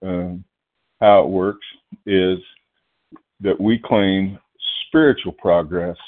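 Nervous, halting low-voiced man on a phone line. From Oklahoma. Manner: halting, many fillers and restarts, clears throat. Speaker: guest speaker. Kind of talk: phone-line recovery meeting talk.

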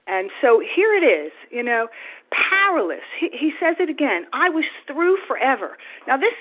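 A woman from South Jersey shares at a recovery meeting in an emphatic way. She repeats key words and keeps asking herself rhetorical questions. Her voice has a middle pitch and comes through a thin, phone-like line. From South Jersey, United States. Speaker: meeting member sharing. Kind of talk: personal sharing at a recovery meeting. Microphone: phone call.

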